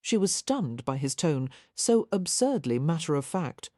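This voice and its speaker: A woman narrating a historical romance audiobook in a soft, measured storytelling manner. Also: deep voice, very animated, dry recording, clean studio sound. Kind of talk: scripted narration.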